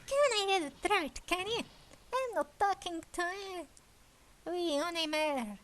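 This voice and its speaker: Woman playing a high-pitched blustering boy-like guard, boastful, touchy about his name, game dub. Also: expressive, a little slow, a bit bright, exaggerated voice. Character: boastful, childish young male tower guard.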